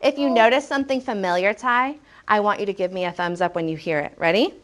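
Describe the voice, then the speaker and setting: In a mid-range voice, a woman leads a first-grade language lesson, reading lines aloud slowly and rhythmically. She sounds encouraging and animated.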